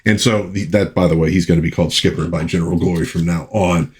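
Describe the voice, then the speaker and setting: A man's voice: low voice, steady tone, fast. A man casually recapping an old comic book issue, chatting about the plot with his own asides.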